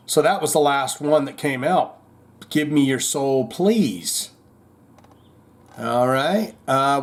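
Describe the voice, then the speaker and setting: A man hosting a rock and metal news podcast, chatting casually and rambling with lots of fillers and restarts. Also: medium pitch. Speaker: podcast host.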